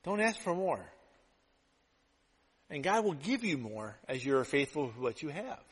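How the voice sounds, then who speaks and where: Animated male pastor in a reverberant hall. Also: a little high, a little slow, slightly rough. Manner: animated storytelling, acts out quotes. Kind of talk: sermon.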